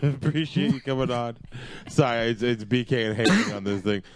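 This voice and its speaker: A man's voice: mid-range voice, moderate pace. A man hosting a podcast in loose, joking chat, swearing freely. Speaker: podcast host. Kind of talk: casual chat.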